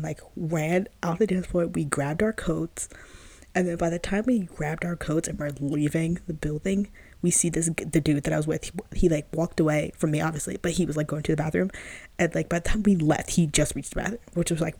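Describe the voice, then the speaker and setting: A woman's voice: low voice, creaky, a little mellow, breathy edge, no room sound. A young woman hosting a podcast, telling a story in a chatty, slangy way full of fillers and laughing at herself. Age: young adult. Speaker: podcast host. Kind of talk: casual storytelling monologue.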